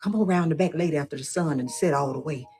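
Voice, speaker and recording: A woman's voice: deep voice, fast, warm tone, lightly acted. A woman playing a cautious, drawling elder woman. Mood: warning. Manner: folksy, drawling dialect speech. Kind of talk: comedic skit.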